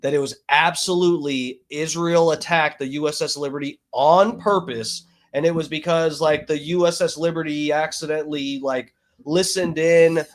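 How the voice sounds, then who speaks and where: A man's voice: fairly high pitch, steady tone, moderate pace. A man streaming casual commentary over videos, rambling and profane, with many fillers.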